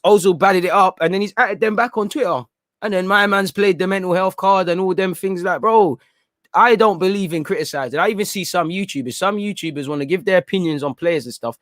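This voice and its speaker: A young man hosting a live football watchalong, talking in an animated, slangy, opinionated way. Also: high-pitched, no room sound, clean studio sound. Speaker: football channel host. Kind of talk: live match watchalong commentary.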